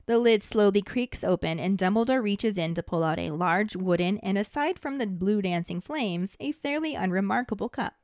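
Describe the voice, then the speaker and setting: Woman host reading a chapter recap, even and steady, dry close sound. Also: medium pitch, moderate pace, few pauses, no echo. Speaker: podcast host. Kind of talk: scripted narration of a book recap.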